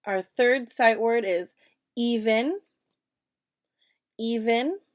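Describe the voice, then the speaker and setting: A woman teacher giving a reading lesson to young children, speaking slowly and clearly and asking the class questions. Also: medium pitch. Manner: slow, clear classroom delivery with questions to students.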